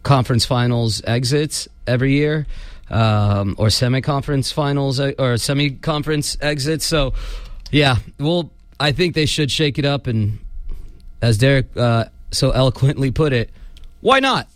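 A man's voice: mid-range voice, moderate pace, no echo. A male podcast host chatting loosely about sports, full of ums and restarts. His voice sits mid-range and sounds close and dry, with no room around it. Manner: rambling, filler-heavy delivery. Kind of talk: casual sports chat.

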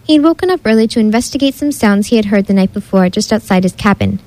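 A woman narrating a children's story in an expressive, animated way. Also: mid-range voice, quick pace, poor audio.

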